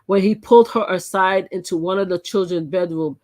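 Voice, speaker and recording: A woman's voice: lowish voice, steady tone, a little fast, hardly any pauses, darkish tone. A woman hosting a live channel, reading articles aloud and commenting in a chatty way, often repeating and restarting her phrases. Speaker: channel host.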